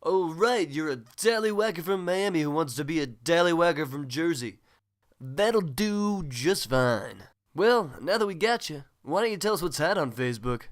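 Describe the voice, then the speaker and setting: A man's voice: on the high side, expressive, moderate pace, natural voice. A man playing a smug, self-obsessed host of a spoof news show, with cheesy, boastful anchorman patter. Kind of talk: comedy sketch acting.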